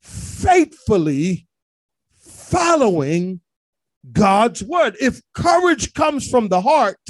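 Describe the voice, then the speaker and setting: A male pastor preaching a sermon, calling out to the congregation and rising to shouts. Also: extremely high pitch, no echo.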